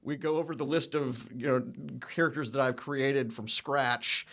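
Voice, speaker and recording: A man's voice: medium pitch, steady tone, moderate pace, fairly bright tone. A man who writes books, talking easily about how his characters should sound. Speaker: author. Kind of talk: conversational panel talk.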